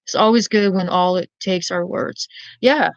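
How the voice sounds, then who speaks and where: A woman's voice: on the low side, moderate pace, no echo, highs cut off. A woman vlogger rambling bluntly to camera in a profane rant, often asking "you know what I mean?".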